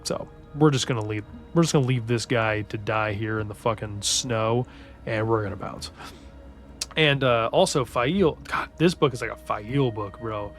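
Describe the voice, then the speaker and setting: Excited sweary guy recapping books, casual ramble, soft music underneath. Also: lowish voice, moderate pace. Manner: enthusiastic, profane, rambling. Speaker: podcast host recapping books. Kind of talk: casual chat. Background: faint background music.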